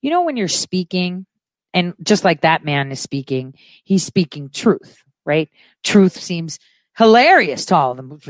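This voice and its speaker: Woman vlogger, hesitant, lots of fillers, slow pace, lowish voice. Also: big pitch swings, dry recording. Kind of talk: casual commentary.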